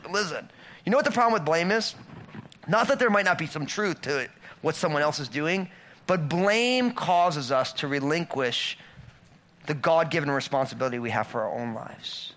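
A man's voice: fairly high pitch, animated, a little fast, fairly bright tone. A middle-aged man preaching a sermon in a conversational way, with many rhetorical questions and emphatic repetitions. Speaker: pastor.

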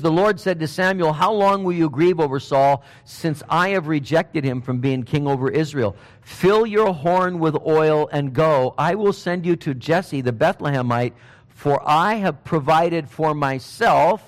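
Male preacher, higher voice, animated storyteller, reverberant hall sound. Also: unhurried. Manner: animated storytelling, acting out Bible figures in casual speech. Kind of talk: sermon.

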